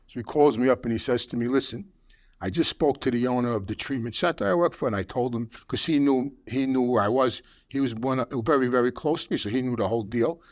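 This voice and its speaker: Man, 60s, New York accent, middle pitch, rambling, repeats himself, casual swearing. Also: fast. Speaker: host. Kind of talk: casual storytelling.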